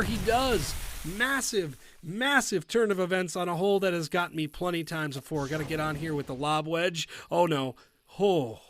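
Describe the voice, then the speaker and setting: Excitable male game commentator. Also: a little high, moderate pace, a little hiss or hum. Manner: excitable, breaks into loud outbursts at big shots; chatty, personal asides. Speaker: tournament commentator. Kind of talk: live golf video game commentary.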